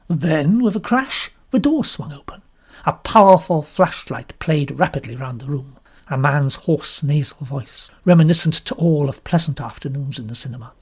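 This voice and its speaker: A woman from London with a British accent, narrating an audiobook in an expressive, lively storytelling manner. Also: deep voice, normal speed, husky. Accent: British English. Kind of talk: scripted narration.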